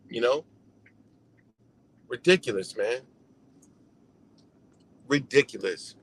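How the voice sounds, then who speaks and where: A man's voice: medium pitch, expressive, slow, long pauses, a little hiss or hum. A man hosting a live stream, ranting in a heated, profane, repetitive way. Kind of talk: ranting commentary.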